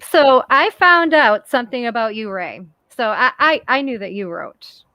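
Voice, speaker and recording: A woman's voice: fairly high pitch, animated, normal speed, bright, forceful tone, dry recording. Female podcast host, casual and talkative, dry close-miked sound. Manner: chatty, repeats herself, friendly questions. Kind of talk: casual interview chat.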